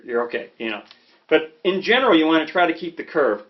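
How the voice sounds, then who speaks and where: A man's voice: a little high, fast talker. Man from Chicago, saxophone teacher, easygoing chatty delivery, slightly raised voice, somewhat muffled lo-fi sound. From Chicago, USA. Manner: relaxed, conversational, frequent "okay?" and "you know". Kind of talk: casual instructional talk. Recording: slightly dull lo-fi audio with faint music.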